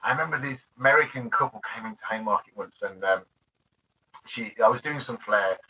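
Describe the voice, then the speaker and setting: Husky, bright man heard from a distance. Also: lowish voice, a little fast. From United Kingdom. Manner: chatty, laughs often, many restarts. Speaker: interview guest, former bartender. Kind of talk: casual interview. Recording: distant, dull lo-fi audio.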